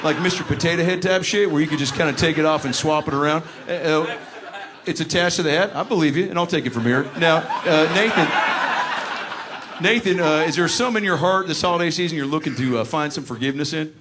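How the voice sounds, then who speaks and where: A man's voice: fairly high pitch, fairly quick. A man doing live stand-up crowd work, teasing audience members with brash, profane jokes. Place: comedy venue with live audience. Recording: live room with crowd laughter and noise.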